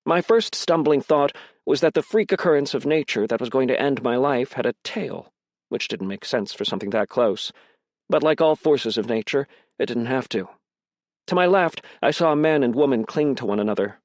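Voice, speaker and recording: A man reading a crime mystery audiobook in first person, with a measured, tense delivery. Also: mid-range voice, expressive, no room sound, clean studio sound. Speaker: audiobook narrator.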